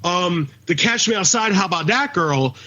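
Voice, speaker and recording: Man, bright tense voice, blunt profane rant, casual podcast chat, dull lo-fi sound. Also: high-pitched, animated, moderate pace. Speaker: podcast co-host. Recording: dull lo-fi recording.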